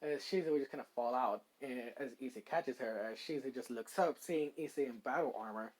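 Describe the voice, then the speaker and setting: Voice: medium pitch, fairly quick, darkish tone, rough recording. A fan story narrator improvising a story aloud, rambling with many fillers. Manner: rambling, many likes and ums.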